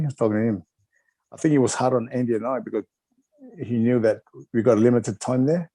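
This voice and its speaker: A man's voice: medium pitch, fairly even intonation, brisk, mellow, no room sound. A middle-aged man from Wales, a retired wrestler, reminiscing in a rambling, chuckling way with lots of filler phrases.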